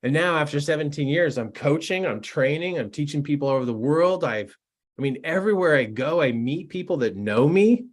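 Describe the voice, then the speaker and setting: A middle-aged man, a personal development coach, telling stories and giving a motivational talk in an excitable, animated way. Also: a little high, a little fast. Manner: animated and excitable, laughs at his own stories. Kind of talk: storytelling to camera, motivational talk.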